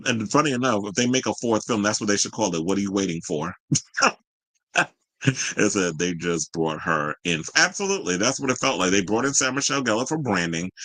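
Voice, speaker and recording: A man hosting a casual pop culture podcast, sassy and animated, reading viewer comments and riffing on them. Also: lowish voice, no room sound, rough recording. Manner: sassy, animated, reads chat comments aloud. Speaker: podcast host.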